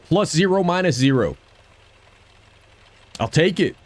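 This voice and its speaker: A man's voice: fairly high pitch, expressive, measured pace. A man giving upbeat gameplay commentary and cheering on his own shots. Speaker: gaming video creator.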